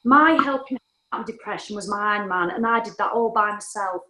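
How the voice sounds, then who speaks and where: A woman's voice: medium pitch, fairly quick, pushed and bright. A middle-aged woman, a podcast guest telling her story in a frank, chatty way and swearing casually. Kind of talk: candid storytelling. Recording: echoey room.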